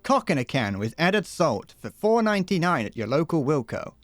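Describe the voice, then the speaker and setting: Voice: mid-range voice, very animated, normal speed, no room sound. A livestreamer improvising a silly mock advert while gaming, giggling and stumbling over words.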